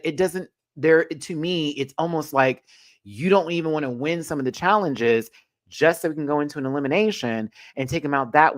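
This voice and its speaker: A man's voice: on the high side, a bit bright, no room sound. A man hosting a casual pop culture rant show, chatty, sassy and profane, full of asides.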